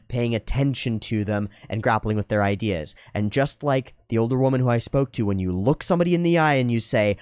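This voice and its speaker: A man's voice: medium pitch, no room sound, clean studio sound. A man hosting his channel in a casual, reflective monologue, earnest and rambling, correcting himself as he goes. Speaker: channel host.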